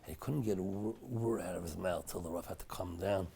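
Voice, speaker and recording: A middle-aged rabbi with a low, gravelly voice teaches a Torah class in a synagogue study hall. He talks chattily, weaving in anecdotes. At dramatic moments in his stories he sinks to a hushed tone. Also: fairly quick, slight background noise. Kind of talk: storytelling Torah lecture.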